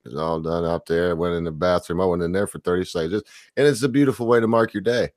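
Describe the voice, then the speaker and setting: A man's voice: sits low, fairly even intonation, fast, darkish tone, no room sound, clean studio sound. A man chatting casually on a stream, telling crude jokes. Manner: crude joking storyteller. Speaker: co-host guest. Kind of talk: casual podcast chat.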